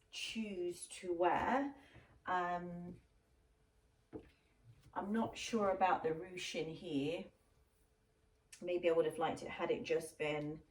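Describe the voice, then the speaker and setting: Middle-aged lady with a deep-ish voice chatting thru a clothes unboxing, lots of ums, bit of faint noise. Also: slow pace, pauses often. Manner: chatty and rambling, with frequent "um"s. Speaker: fashion vlogger. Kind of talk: casual unboxing chat to camera.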